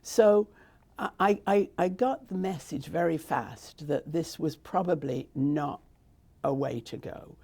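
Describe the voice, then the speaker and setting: A woman's voice: low-pitched, slow pace, gravelly, a little mellow, breathy edge. An older woman with a British accent, telling her story in a rambling, conversational way during an interview. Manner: rambling, with frequent restarts and asides. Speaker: interviewee, theatre founder.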